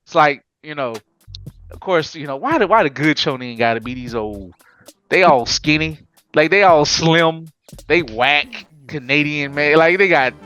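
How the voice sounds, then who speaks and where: Guy hosting an anime podcast, kinda high voice, laughing a lot, slangy and hyped, faint music behind. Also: normal speed, clean tone, dull audio. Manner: animated, laughing, slangy storytelling. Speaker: podcast host. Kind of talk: casual anime chat.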